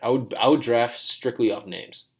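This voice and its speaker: A man's voice: medium pitch, moderate pace. A man co-hosting a podcast in a studio, chatting casually in a rambling, joking way. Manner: rambling, laid-back, joking. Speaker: podcast co-host. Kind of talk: casual chat.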